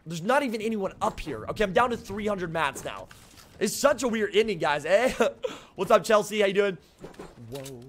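Excitable young man streaming a game. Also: sits high, moderate pace, a little hiss or hum. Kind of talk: live gameplay commentary to chat.

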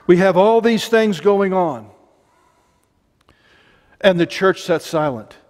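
A man's voice: high-pitched, lively intonation, slow pace, long reverb tail. A middle-aged man with an Ozarks accent preaching a sermon, impassioned and digressive, with joking asides.

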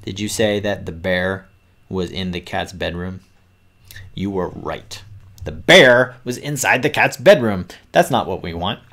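A man's voice: deep voice, a little slow, a bit bright. A man teaching kids to code on a live stream, explaining patiently step by step and talking straight to the viewers. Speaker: teacher hosting a coding stream.

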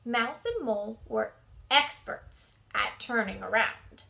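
Woman reading a children's book, high, bright voice, expressive and animated. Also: slow pace, vocal fry. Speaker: storybook reader.

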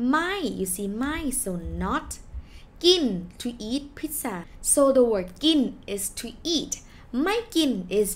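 Patient woman teaching a language lesson. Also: on the high side. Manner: slow, patient explaining with repeated example words.

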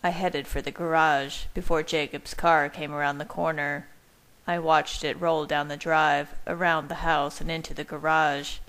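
Woman, low voice, flat delivery, measured first-person story narration. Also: smooth, poor audio. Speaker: fan fiction reader. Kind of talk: reading fan fiction aloud.

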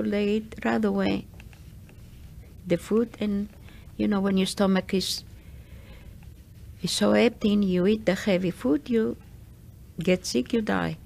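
An older woman from Greece gives a recorded testimony in halting English, searching for words as she goes. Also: medium pitch, warm tone. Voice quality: gravelly, husky. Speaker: Holocaust survivor giving testimony.

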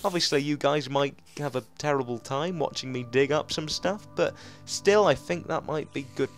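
A young man giving rambling, chatty let's play commentary to his viewers, often jumping into excited outbursts. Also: on the high side, normal speed, faint music behind. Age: young adult. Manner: chatty and rambling, talking to viewers while playing. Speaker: gaming channel host.

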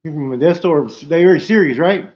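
A man's voice: a little high, brisk, muffled recording. A man interviewing the guest and asking short questions.

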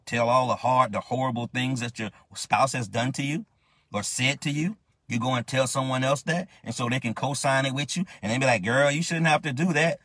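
A man's voice: medium pitch, a bit bright, breathy edge, no room sound. A man ministering, preaching a sermon in a fervent, questioning way with many restarts.

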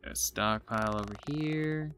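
Bright-voiced excitable man playing a game. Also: medium pitch, normal speed, faint music behind. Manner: excitable, thinks aloud, self-deprecating. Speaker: gaming YouTuber. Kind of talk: casual let's-play commentary.

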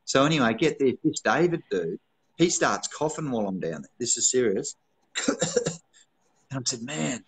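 Aussie bloke, bit husky, rambling away at a yarn, keeps saying get this. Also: male voice, medium pitch, normal speed, pauses often, rough recording. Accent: Australian. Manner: rambling and animated, swears freely, repeats "get this". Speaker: co-host of a live online show. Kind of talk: casual chat, storytelling.

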